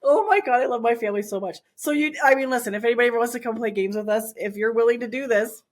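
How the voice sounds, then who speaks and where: A woman's voice: fairly high pitch, very fast. A woman hosting a casual family podcast, teasing gleefully and laughing often. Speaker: podcast host. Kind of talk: casual chat.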